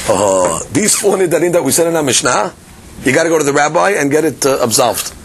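A man with a fairly high voice teaches Talmud with animation and a slightly quick pace, dramatizing both positions and restarting many times as he thinks aloud. Hebrew and Aramaic terms pepper his English, and there's some faint background noise.

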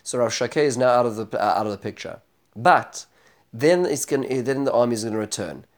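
A man giving a spoken lecture on scripture. He is animated, turns dramatic when he retells speeches, and often restarts and corrects himself. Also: mid-range voice, brisk. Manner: frequent restarts and self-corrections. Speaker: Bible teacher.

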